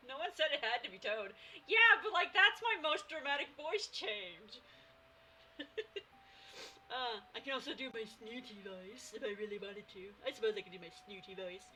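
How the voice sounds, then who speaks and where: A woman's voice: on the high side, expressive, normal speed, pushed and bright, a little hiss or hum, poor audio. A woman in her twenties, a streamer, chatting playfully and giggling while reading her own novel on a livestream. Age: 20s.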